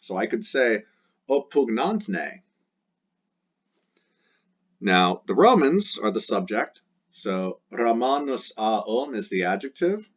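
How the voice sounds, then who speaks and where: A man teaching a Latin lesson in a casual, joking way, drawing out the Latin words slowly as he walks through exercises. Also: lowish voice, big pitch swings. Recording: dull lo-fi sound.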